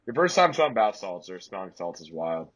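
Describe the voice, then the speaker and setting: A man's voice: normal speed, dull audio, slight background noise. A young man in his twenties hosting a podcast, telling stories in casual chat. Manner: animated storyteller, leaps way up in pitch for quoted shrieks. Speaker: podcast host.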